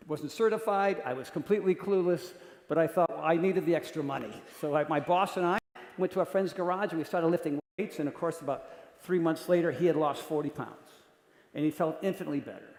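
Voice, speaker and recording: Animated man telling stories in an echoey hall. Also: fairly high pitch, brisk. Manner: animated, jokey, acts out voices. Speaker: keynote speaker. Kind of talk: storytelling talk to an audience. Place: large conference hall. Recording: echoey hall with long reverb.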